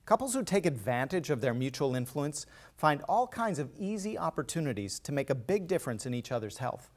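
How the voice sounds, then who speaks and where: Man presenting research, animated voice. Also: a little high, fairly quick. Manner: clear, explanatory presenter. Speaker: professor, relationship researcher. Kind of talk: scripted talk on couples' health.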